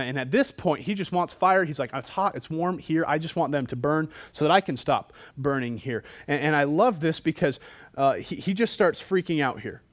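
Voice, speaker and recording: A male preacher giving a sermon in an animated, colloquial, joking way, often breaking off and restarting his sentences. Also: on the high side.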